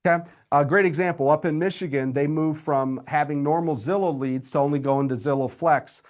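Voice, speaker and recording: A man, coaching real estate agents in a live webinar, energetic and direct with his audience. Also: fairly high pitch, brisk. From Indiana, USA.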